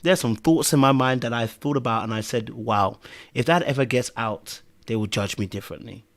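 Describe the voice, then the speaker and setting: A man's voice: mid-range voice, brisk. Guy hosting a podcast, rambly, keeps saying okay, you know what i mean. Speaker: podcast host. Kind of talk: casual podcast chat.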